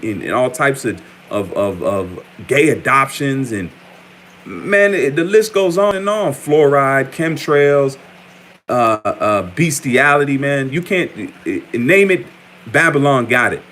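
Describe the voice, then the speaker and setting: Brief: American man, mid-pitched, street-style preacher, casual and repetitive, stumbles and restarts phrases. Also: expressive, measured pace, a bit bright, a little hiss or hum. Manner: conversational, repeatedly says "man", frequent stammers and restarts. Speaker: preacher giving an online update. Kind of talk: informal preaching with scripture reading.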